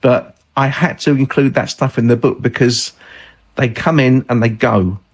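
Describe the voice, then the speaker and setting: A man, a guest author on a radio call-in show, telling stories in a measured way with many fillers and restarts. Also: medium pitch, husky. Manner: hesitant, measured storytelling with fillers.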